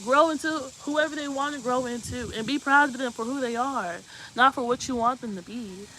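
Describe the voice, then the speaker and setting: A woman's voice: sits high, moderate pace, pushed and bright, slight background noise, rough recording. A woman hosting a live talk show, speaking earnestly and emotionally as she gives heartfelt advice and keeps asking if you know what she means. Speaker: host.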